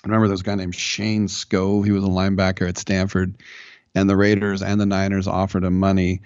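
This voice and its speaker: A man's voice: sits low, completely flat delivery, fairly quick, darkish tone, clear, resonant tone, dry recording, muffled recording. A man hosting a sports radio show, talking in a loose, chatty way with jokey asides. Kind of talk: casual talk radio interview.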